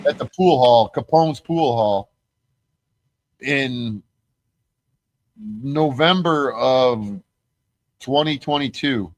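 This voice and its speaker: Man, podcast host, heated, swearing a lot, rambling, mid pitch, dry close mic. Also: dry recording. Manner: profane, heated, rambling storytelling. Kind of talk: casual conversation.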